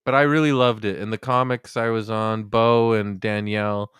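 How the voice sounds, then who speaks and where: A man chats on a podcast, telling tour stories in a relaxed, playful way. His voice is smooth and clear. The sound is dry and close, with no room echo. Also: fairly low pitch, normal speed. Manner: relaxed storytelling with playful asides. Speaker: podcast co-host, comedian. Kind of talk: casual podcast chat.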